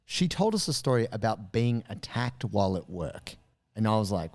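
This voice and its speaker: A man's voice: fairly low pitch, normal speed, creaky. A man co-hosting a podcast, telling a story in casual chat with lots of acted-out voices. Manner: animated, acts out voices in quotes. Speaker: podcast co-host.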